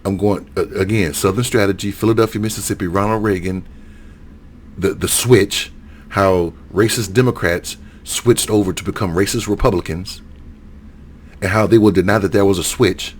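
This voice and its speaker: A man's voice: lowish voice, steady tone, moderate pace, slight background noise. A middle-aged man from Alabama giving a heated solo rant, often repeating and correcting himself. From Alabama, USA. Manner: heated, repetitive, self-correcting. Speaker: political commentator.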